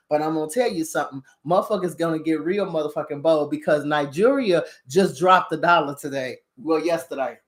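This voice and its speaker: A woman giving a heated, profanity-laced rant on current events, combative and emphatic as she talks straight to her viewers. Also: deep voice. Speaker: spiritual commentator on current events.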